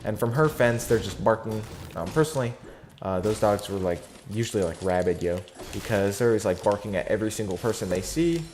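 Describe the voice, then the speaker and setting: A man's voice: on the low side, fairly quick, darkish tone, a little hiss or hum. A fourteen-year-old boy telling a story in a casual vlog, rambling with lots of fillers, slang and restarts. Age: teenager, fourteen.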